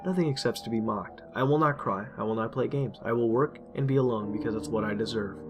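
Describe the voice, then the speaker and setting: A man reading a dark first-person story aloud, intense and emotional. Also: medium pitch, quick pace. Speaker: narrator. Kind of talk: dramatic horror story reading. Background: faint music.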